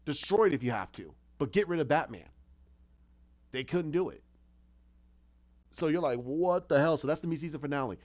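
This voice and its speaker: A man casually retelling a story idea of his own, halting, with many restarts and acted-out lines. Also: a little high, lively intonation, darkish tone, lo-fi sound.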